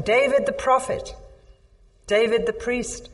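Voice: mid-range voice, animated, unhurried, fairly bright tone. A preacher delivering a sermon, stressing points with repeated phrases and reading scripture aloud with rising intensity. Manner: emphatic, repeats phrases for effect. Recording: long hall reverb.

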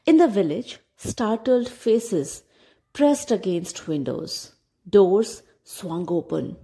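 Woman, storybook narrator, slow, mellow, expressive, occasional whispers. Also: medium pitch. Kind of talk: storybook reading.

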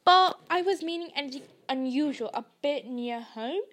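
A woman reading aloud and voicing a gruff, burly male gamekeeper with rough, folksy speech. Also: high voice, expressive, moderate pace, a bit bright. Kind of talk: audiobook reading.

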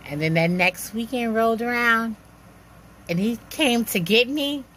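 A woman telling a personal story in a lively, animated way, acting out the dialogue and laughing now and then. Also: fairly high pitch, measured pace, a little hiss or hum.

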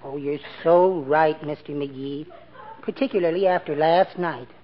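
An actor playing a timid, henpecked little man in a 1940s radio sitcom, with a soft, high, mild and apologetic voice. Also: unhurried, crowd noise, lightly acted. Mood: sheepish. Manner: gentle, prim and apologetic. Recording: dull lo-fi 1940s radio broadcast with faint hiss.

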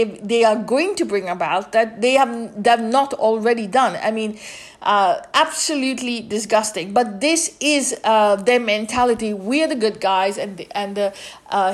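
A woman hosting a podcast, rambling in a casual monologue with many fillers and restarts, turning indignant at times. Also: medium pitch. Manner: indignant commentary. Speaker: podcast host.

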